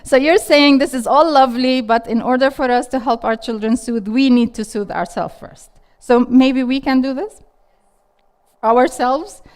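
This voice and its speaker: Clear-voiced woman leading a parenting workshop. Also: fairly high pitch, moderate pace. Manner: repeats audience questions, warm encouraging teacher. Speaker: parenting instructor. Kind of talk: interactive parenting workshop talk. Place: classroom with a live audience.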